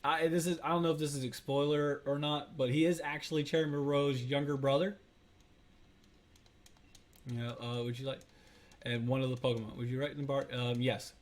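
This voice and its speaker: A man's voice: medium pitch, steady tone, normal speed. A man hosting a let's play, giving casual gameplay commentary in a rambling, self-correcting way with lots of fillers.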